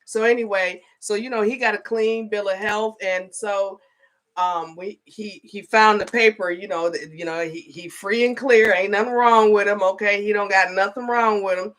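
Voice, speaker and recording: A middle-aged woman talks in a casual vlog with a bright, forceful tone. She rambles through her story and keeps checking in with the listener with "okay?" and "you know". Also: mid-range voice, fairly even intonation, normal speed. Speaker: spiritual advisor.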